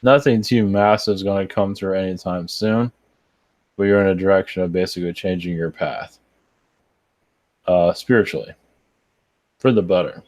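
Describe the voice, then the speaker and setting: A tired man who works as a spiritual channeler, answering chat questions live in a rambling, halting way with many restarts. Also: low voice, fairly even intonation, a little mellow, no echo. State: tired, yawning.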